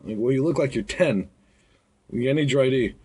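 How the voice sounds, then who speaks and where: A man's voice: medium pitch, fairly quick, a little mellow, breathy edge. A young man who works as a bar bouncer, telling stories in a blunt, rambling way and acting out drunk patrons. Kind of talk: casual storytelling vlog.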